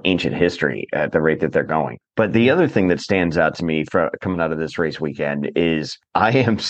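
A man's voice: low-pitched, no room sound, dull audio. A man co-hosting a casual podcast, talking bluntly and swearing as he rants. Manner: blunt, profane, ranting. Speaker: podcast co-host. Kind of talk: casual chat.

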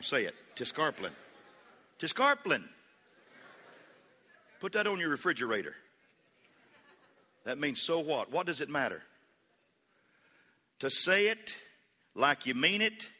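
A man's voice: medium pitch, breathy edge. Man preaching in a reverberant church. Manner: builds from conversational to shouting, preacher cadence. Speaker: pastor. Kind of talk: sermon. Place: church sanctuary. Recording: long hall reverb.

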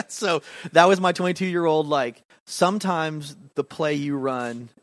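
A man's voice: on the high side, a little slow, no room sound. A man co-hosting a podcast and telling a story in casual chat, acting out quotes and laughing often. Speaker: podcast co-host, youth pastor.

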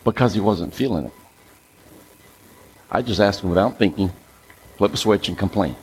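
A preacher giving a sermon in a church, animated and coaxing the congregation to take part. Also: male voice, fairly low pitch, moderate pace, husky, poor audio. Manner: animated, coaxes the audience.

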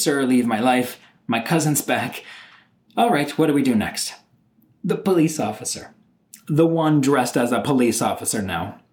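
A middle-aged man with a mid-range voice tells a personal story, animated and exasperated, sometimes mimicking other people.

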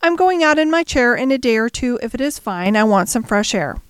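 A woman's voice: on the high side, expressive, fairly quick, smooth, dry recording, lightly acted. A woman voicing a spoiled, commanding young boy in an audiobook reading. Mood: imperious. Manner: commanding, grand.

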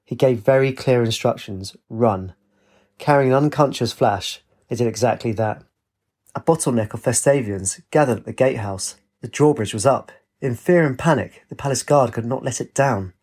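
A man narrating a storybook in a steady, expressive reading voice. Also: medium pitch, moderate pace, breathy edge.

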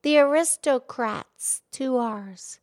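A woman voicing a bubbly, chatty female pig who hosts a kids' podcast, with a squeaky, sing-song delivery. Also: slow. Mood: cheerful. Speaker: podcast host. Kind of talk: in-character kids' podcast chat.

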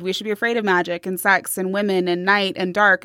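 A woman's voice: mid-range voice, little pitch movement, quick pace, few pauses, no echo, studio quality. Brash, profane woman podcast co-host. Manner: emphatic, profane, talks in bursts with fillers. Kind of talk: casual chat.

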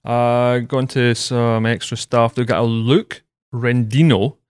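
A man's voice: mid-range voice, fairly even intonation, slow pace, darkish tone, clean tone, no room sound, clean studio sound. A man hosting a casual podcast, chatting and telling stories with lots of fillers. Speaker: podcast host.

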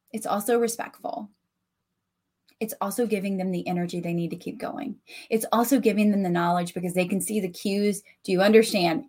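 A woman with a Southern US country accent hosting a casual solo podcast, talking directly and animatedly to her listeners. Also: mid-range voice. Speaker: podcast host and coach. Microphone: voice message recording.

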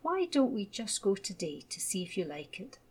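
A woman voicing a gentle, patient mother in a children's storybook, coaxing and reassuring. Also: medium pitch, animated, unhurried, slightly rough.

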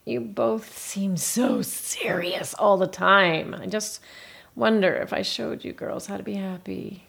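An actress playing a wistful middle-aged mother who gets emotional and slips into breathy whispers as she remembers her first love. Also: medium pitch, takes it slowly, fairly bright tone, heavily acted. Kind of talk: film drama acting.

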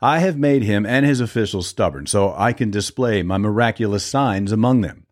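A man reading aloud the words of God, in a solemn, measured tone. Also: on the low side, natural voice. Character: God speaking as a commanding male deity.

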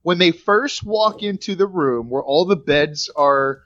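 A woman in a casual podcast chat, halting and restarting as she explains a film scene and questions her co-hosts. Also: fairly low pitch, expressive, no echo, lo-fi sound. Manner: hesitant, restarts a lot, quizzes the others. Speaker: podcast co-host.

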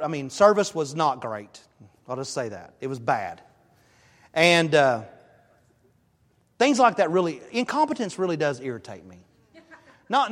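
A male pastor delivers a sermon with a high, bright voice. He tells stories in an animated way, pushing his voice up for emphasis. A long reverb from the church hall hangs on every word. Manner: animated storytelling, emphatic rises. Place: church sanctuary.

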